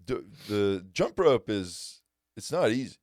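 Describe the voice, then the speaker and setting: A young man telling stories in a casual podcast chat, laid-back, with animated quoted voices. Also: on the low side, slow pace, no echo, clean studio sound. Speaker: guest comedian.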